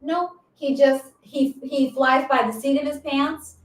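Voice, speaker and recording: A woman's voice: sits high, fairly even intonation, measured pace, roomy sound, far from the mic, rough recording. A woman co-hosting a fishing show, chatty and teasing, laughing often in a casual conversation. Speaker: co-host. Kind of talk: casual podcast chat.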